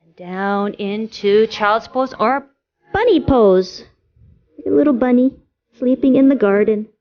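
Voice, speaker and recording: A woman instructor gently guiding children through a yoga class with encouraging, sing-song cues. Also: a little high, animated, measured pace, highs cut off.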